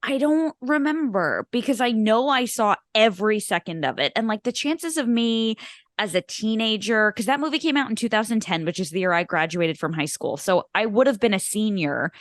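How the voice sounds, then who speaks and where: A woman's voice: mid-range voice, expressive, moderate pace, no room sound. A woman in her thirties co-hosting a film podcast, chatting casually with many fillers and self-mocking asides. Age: 30s. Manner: rambling, self-deprecating, lots of fillers. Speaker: podcast co-host. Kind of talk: casual chat.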